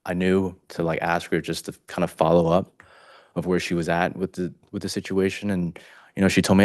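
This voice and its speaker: A man testifying as a witness in a courtroom, speaking haltingly with many "you know" fillers. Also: low voice, flat delivery, a little mellow, dry recording, clean studio sound.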